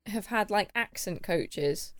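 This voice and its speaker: A woman's voice: mid-range voice, expressive, takes it slowly. Teasing British woman, casual chat. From England. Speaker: podcast co-host.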